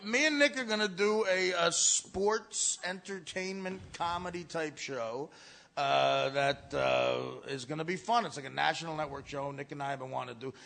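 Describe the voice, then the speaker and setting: A man, telling stories in casual talk, stammering and shouting out quoted lines. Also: on the high side, moderate pace, gravelly. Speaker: comedian guest. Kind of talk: casual storytelling.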